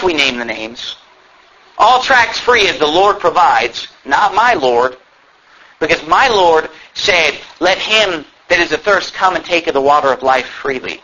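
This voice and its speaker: A man's voice: on the high side, expressive, normal speed, pushed and bright, highs cut off. A man preaching a fiery sermon as a pastor, emphatic and sarcastic, sometimes reading text aloud in put-on voices. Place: church.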